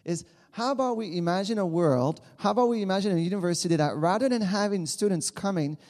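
Quebec-accented man with a mellow voice. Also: sits high, quick pace, big-room sound. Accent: Quebec French. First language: French. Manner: earnest, with many restarts. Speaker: campus missionary. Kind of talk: church talk. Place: church.

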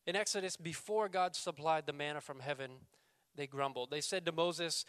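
A male pastor preaching a sermon, raising his voice for scripture quotes and dropping low and quiet for emphasis. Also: normal speed, clean tone, dry recording. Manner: reads scripture quotes with raised voice, then drops to quiet emphasis.

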